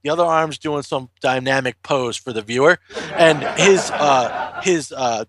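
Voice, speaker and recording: A man's voice: mid-range voice, unhurried, background noise. A man recapping a comic in casual chat, swearing constantly and rambling through fillers as he tells the story.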